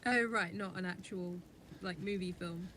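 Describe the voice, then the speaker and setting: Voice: mid-range voice, fairly even intonation, pushed and bright, a little hiss or hum. Giggly co-host. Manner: giggly, quick to laugh, teasing. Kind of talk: casual chat.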